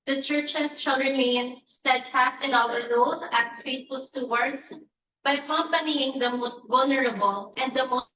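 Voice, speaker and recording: A woman's voice: sits high, bright, forceful tone, a little hiss or hum. A woman from the Philippines reading an emphatic prepared statement at a press briefing, speaking as a church advocate. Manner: emphatic, deliberate, listing demands. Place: conference press room. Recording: echoey room, from a distance.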